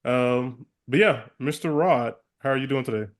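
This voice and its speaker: A man with a Tulsa, Oklahoma accent co-hosting a podcast, friendly and a bit rambling as he talks. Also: medium pitch. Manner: friendly, rambling, quick to laugh. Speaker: podcast co-host. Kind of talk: casual podcast chat.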